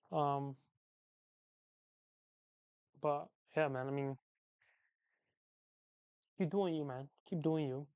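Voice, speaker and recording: A young man talks to his viewers in an easygoing, slangy ramble, often saying the same thing twice. His voice sits a little high and comes across clean and smooth. The sound is dry, with no room echo. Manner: rambling, repeats phrases, relaxed slangy talk. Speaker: livestream host chatting with viewers. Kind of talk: casual chat.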